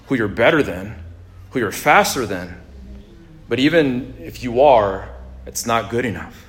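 A man preaching in a relaxed, conversational way, mixing jokes and asides to the crowd into his sermon. His voice has an ordinary middle pitch, and it rings in a roomy, echoing space like a church sanctuary. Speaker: pastor. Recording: echoey room.

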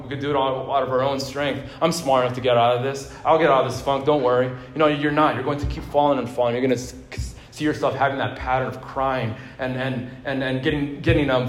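A male pastor with a mid-range voice preaches a sermon, building in fervor before settling into a calm storytelling tone. His delivery moves between passionate exhortation and quiet narrative, with frequent fillers and repeated words.

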